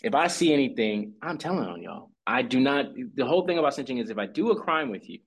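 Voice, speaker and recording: A man in an easygoing podcast conversation, mid-pitched and lively. He recaps events with big leaps in his voice and brief impressions of the people involved. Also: breathy edge. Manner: animated storytelling, acting out lines in quick voices. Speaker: podcast co-host. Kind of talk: casual recap chat.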